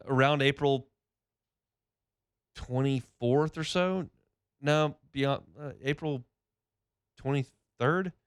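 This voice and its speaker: A man's voice: mid-range voice, a bit bright, clear, resonant tone, no echo, clean studio sound. A man hosting a sports radio show, talking casually with wry, self-mocking asides.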